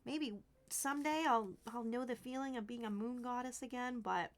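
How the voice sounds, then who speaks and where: A woman's voice: fairly high pitch, normal speed. A young woman streaming as she crafts, chatting to her viewers in a gushing, giggly way. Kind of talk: casual crafting livestream chat.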